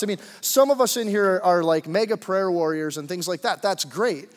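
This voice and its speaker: A man's voice: high voice, normal speed. A young adult man preaching a sermon to a church congregation in a loose, conversational way, with plenty of fillers and asides. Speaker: pastor. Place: church sanctuary. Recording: long hall reverb.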